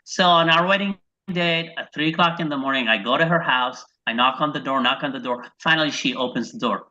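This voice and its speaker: A man from Iraq doing a stand-up set over a video call, telling deadpan one-liners and acting out his wife and his dog. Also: mid-range voice, brisk. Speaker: stand-up comedian. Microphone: video call microphone. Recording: dull lo-fi video call audio.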